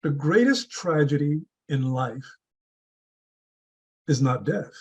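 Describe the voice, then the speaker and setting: A man's voice: on the high side, expressive, slow pace, darkish tone, husky, low-quality recording. A man giving a prepared motivational speech at a public speaking club, earnest and building with repeated rhetorical questions.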